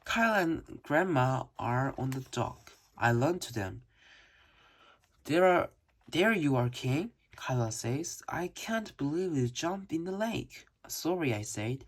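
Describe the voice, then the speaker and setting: A reader reading a children's book aloud slowly and carefully, with occasional slips. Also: mid-range voice, very animated, husky. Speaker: storybook reader.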